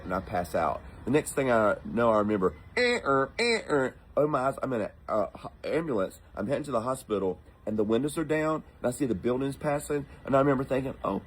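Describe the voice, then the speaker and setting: A man from the United States telling a personal story in a casual, animated way, acting out the voices of the people in it. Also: medium pitch, husky, poor audio. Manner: animated, acts out quoted voices.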